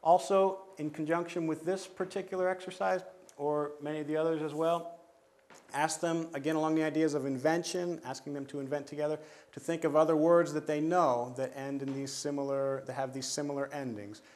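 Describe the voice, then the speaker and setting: A man's voice: a little high, level tone, brisk, darkish tone. A man training teachers, explaining pronunciation rules step by step in a methodical way, with frequent fillers and restarts. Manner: methodical, repeats steps, many fillers and restarts.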